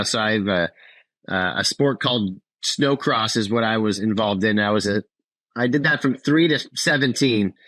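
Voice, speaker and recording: A man in his thirties from Minnesota, with a Minnesota accent, telling his story as a podcast guest in a relaxed, casual way. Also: fairly low pitch, no room sound, poor audio. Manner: relaxed, casual, fillers and restarts. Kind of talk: interview storytelling.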